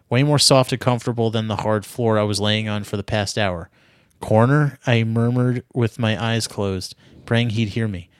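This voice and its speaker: A man's voice: on the low side, clear, resonant tone, dry recording, clean studio sound. A man reading a melodramatic story aloud in a mock-serious tone, stopping now and then to joke with a co-host. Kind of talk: dramatic reading with banter.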